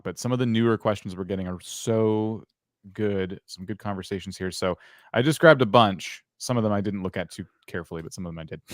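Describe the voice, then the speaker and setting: A man's voice: fairly low pitch, no room sound, studio quality. A man co-hosting a livestream, reading out viewer questions and thinking aloud in an easygoing way. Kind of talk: casual livestream Q&A chat.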